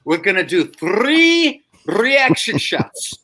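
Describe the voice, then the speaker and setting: A man putting on a bossy male assistant director with a Scottish voice, barking orders to a crowd of extras in a loud, high, clipped way. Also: monotone, fairly quick, vocal fry, heavily acted.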